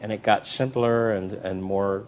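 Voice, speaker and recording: Unhurried, with slight background noise, a man who is a magician and comedy performer tells anecdotes in an interview. Still animated, he acts out the voices of the people involved, his pitch and loudness swinging widely.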